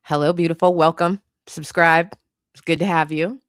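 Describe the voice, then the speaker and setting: A woman hosting comedic pop-culture commentary, animated and incredulous, swearing freely and breaking into laughter. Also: low-pitched, moderate pace, no echo, clean studio sound. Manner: animated, incredulous, bursts of laughter, profane asides. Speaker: host.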